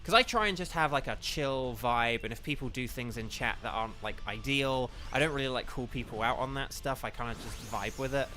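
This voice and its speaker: A man's voice: mid-range voice, fairly quick, few pauses, bright, forceful tone. A man streaming a game and chatting casually with his viewers, rambling and correcting himself with lots of fillers. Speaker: voice actor streaming a game with chat. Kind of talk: casual live-stream chat while gaming. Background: faint game music.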